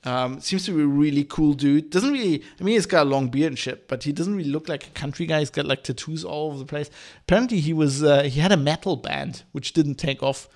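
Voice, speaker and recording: Hoarse, gravelly man rambling casually. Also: a little high, fairly quick, a little mellow. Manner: rambling, swears, many fillers and restarts. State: hoarse from hay fever. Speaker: podcast host. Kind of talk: casual solo podcast chat.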